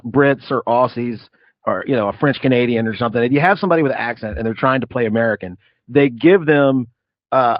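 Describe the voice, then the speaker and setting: A man's voice: mid-range voice, dry recording. A male co-host from the US Midwest with a Midwestern accent, chatty and jokey in a casual discussion of a show. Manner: chatty, jokey, asks guests questions. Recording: dry, slightly lo-fi sound.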